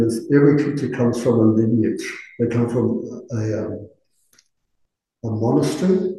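Man, dark mellow voice, chatty class teacher, recorded from a distance in an echoey room. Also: medium pitch, slight background noise. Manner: chatty, rambling, many fillers and tag questions. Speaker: dharma teacher. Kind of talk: informal talk to a class. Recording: roomy, distant room mic.

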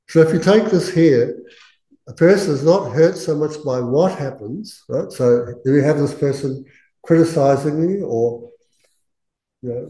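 Male Dharma teacher, casual and chatty, dark timbre, recorded in a reverberant room. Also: a little high. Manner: chatty, laughing, acts out quoted voices. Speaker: Buddhist teacher. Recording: roomy echo.

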